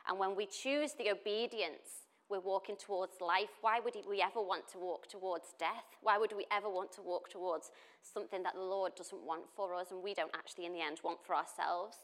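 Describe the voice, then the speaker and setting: A woman's voice: medium pitch, steady tone, fairly quick. A woman, preaching in a chatty, storytelling way with frequent laughter. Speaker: pastor. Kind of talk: casual sermon.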